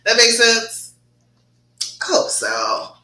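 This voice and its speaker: A woman's voice: a little high, sing-song, slow, pushed and bright. A woman, a relationship coach talking live to viewers, encouraging and checking in with "okay?". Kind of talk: live-stream coaching talk. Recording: echoey room.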